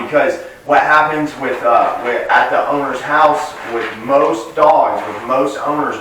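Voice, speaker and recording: A man working as a dog trainer, explaining in a relaxed, plain way with frequent pauses and restarts. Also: mid-range voice, a little hiss or hum. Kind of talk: casual instructional talk to camera. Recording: echoey room, voice picked up from a distance.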